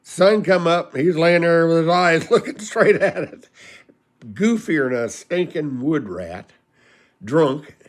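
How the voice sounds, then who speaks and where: A man's voice: fairly high pitch, lively intonation, takes it slowly. A man casually telling personal stories in a folksy, rambling way, often laughing at his own punchlines. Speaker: storyteller.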